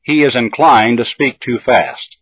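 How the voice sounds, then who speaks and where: A man reading a scripted language drill slowly, with careful, deliberate enunciation. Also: medium pitch, a bit bright, slightly rough, no room sound. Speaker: language teacher. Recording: dull lo-fi old tape recording.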